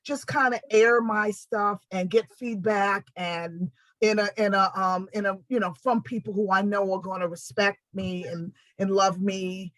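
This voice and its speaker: A woman's voice: mid-range voice, steady tone, unhurried, hardly any pauses, dry recording, poor audio. A woman hosting a talk show interview, asking questions and affirming her guest often. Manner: warm affirming interjections, frequent restarts. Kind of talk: conversational interview.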